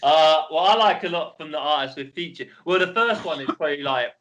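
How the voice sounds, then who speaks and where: A man's voice: fairly high pitch, expressive, brisk, highs cut off, crowd noise. Male guest, casual podcast chat, loose and rambling. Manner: rambling, lots of fillers. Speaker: podcast guest, cookbook co-founder.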